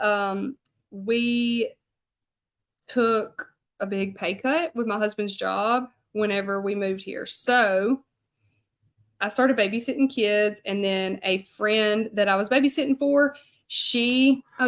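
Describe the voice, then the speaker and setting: A woman's voice: mid-range voice, fairly bright tone. A woman chatting casually to live viewers in her home craft studio as she hand-letters a sign, rambling from story to task. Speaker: hand-lettering artist and channel host. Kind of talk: casual livestream chat while painting.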